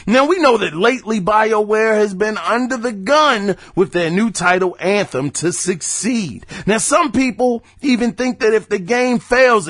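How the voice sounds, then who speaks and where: Animated man hosting a gaming podcast. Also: sits high, dry recording, studio quality. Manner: animated, chatty, emphatic asides. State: hiccuping. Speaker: podcast host. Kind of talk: casual gaming news commentary.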